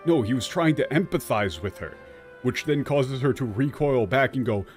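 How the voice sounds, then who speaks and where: A man's voice: medium pitch, moderate pace, soft background music. A man streaming a game, ranting with frequent swearing about how its dialogue was translated. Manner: ranting, exasperated, swears often. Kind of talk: profane commentary on a game translation.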